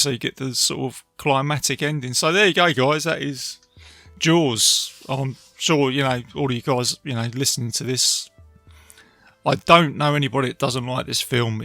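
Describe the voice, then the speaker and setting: Gravelly, bright-voiced man chatting about films. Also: mid-range voice, no room sound. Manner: chatty, retelling scenes with many fillers. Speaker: podcast host, film reviewer. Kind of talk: casual solo film review. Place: beach outdoors.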